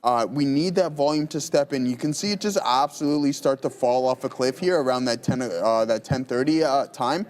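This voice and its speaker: A man's voice: medium pitch, a little fast, few pauses, a little mellow. A man hosting a live trading stream, giving casual, upbeat commentary on charts and positions to viewers. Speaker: trading show host.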